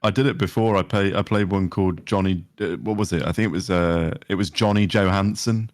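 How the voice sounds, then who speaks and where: A man guesting on a casual chat, speaking in a relaxed, hesitant way. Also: low-pitched, brisk, dry recording, studio quality.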